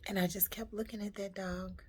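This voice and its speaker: A woman's voice: mid-range voice, flat delivery, fairly quick, a little mellow, breathy edge. Heartfelt woman telling a personal story. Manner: heartfelt, reflective, emotional storytelling. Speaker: vlogger.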